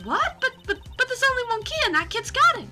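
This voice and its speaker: A woman's voice: extremely high pitch, sing-song, normal speed, music in the background, pitched above the performer's own voice. A woman voicing a nosy, brash photographer with a put-on southern drawl.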